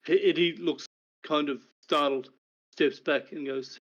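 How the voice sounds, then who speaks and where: A man narrating a tabletop game as game master, calm and brisk. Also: fairly high pitch. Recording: dull lo-fi recording.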